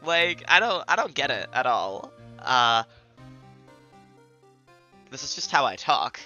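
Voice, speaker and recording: A man's voice: medium pitch, sing-song, slow pace, pushed and bright, dull audio, soft background music. A man from the American Midwest with a Midwestern accent, chatting casually about a game as a streamer. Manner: chatty, self-amused. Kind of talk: casual let's play commentary.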